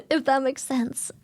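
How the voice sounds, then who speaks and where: A woman's voice: sits high, a little mellow, no echo. A young German woman with a German accent, chatting casually as a streamer and eagerly explaining things, repeating herself for emphasis. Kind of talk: casual chat with chat.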